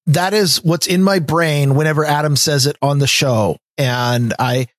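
A man's voice: on the high side, a little slow, dry recording, studio quality. An American man co-hosting a casual podcast, often stumbling and restarting his sentences. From United States. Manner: hesitant, stammering restarts. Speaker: podcast co-host.

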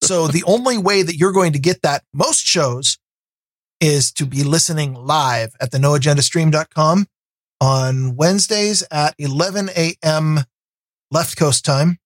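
A man's voice: fairly high pitch, a little slow, no room sound. A man co-hosting a casual tech podcast, with dry, teasing, grumpy banter. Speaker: podcast co-host.

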